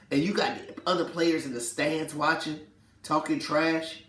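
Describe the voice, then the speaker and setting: A man hosting a casual sports talk show, animated and slangy, laughing often and acting out what players said. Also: a little high, far from the mic. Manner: animated, slangy, quick to laugh, acts out quotes. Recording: echoey room, voice set back from the mic.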